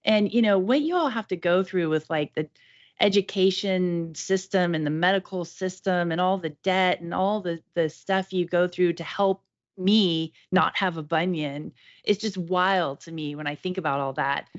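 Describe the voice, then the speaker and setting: A woman's voice: on the low side, moderate pace. A woman patient talking casually about her surgery, chatty and effusive, often restarting her sentences. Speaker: patient guest. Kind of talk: casual podcast conversation. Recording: dull lo-fi audio.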